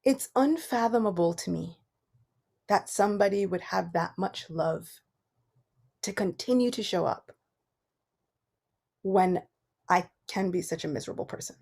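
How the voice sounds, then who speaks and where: A woman giving a devotional morning class, telling personal stories with animated swings between soft and loud. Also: lowish voice, unhurried, creaky, pauses often. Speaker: class speaker.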